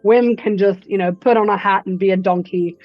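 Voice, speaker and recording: Woman breathwork coach, animated storyteller, lo-fi dry recording. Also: medium pitch, brisk, dry recording, faint music behind. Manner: animated storyteller who acts out quotes. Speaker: breathwork instructor, guest. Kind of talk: casual interview chat.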